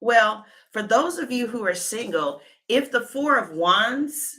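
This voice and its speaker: A woman's voice: fairly high pitch, expressive, slow, pushed and bright. A woman reading tarot cards on a live stream, chatting with her viewers and thinking aloud as she goes. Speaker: tarot reader.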